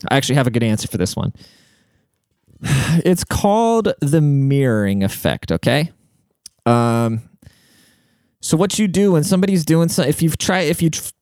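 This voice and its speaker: A man's voice: mid-range voice, darkish tone, smooth, no echo, studio quality. A man hosting a podcast in casual, rambling chat full of swearing and filler words, giving relationship advice. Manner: profane, rambling bro-talk with filler words. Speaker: podcast host and rapper.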